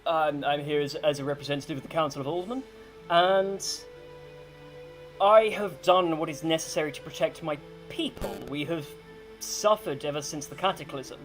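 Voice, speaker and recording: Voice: medium pitch, fairly even intonation, moderate pace, faint music behind, natural voice, low-quality recording. Chamberlain, a pompous official, voiced by a game master. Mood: haughty. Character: stiff self-righteous male town chamberlain.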